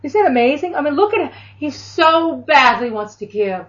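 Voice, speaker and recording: A woman's voice: high voice, big pitch swings, normal speed. Fervent woman preaching, lo-fi. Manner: fervent, emphatic, voices imagined prayers. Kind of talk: sermon. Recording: dull lo-fi sound.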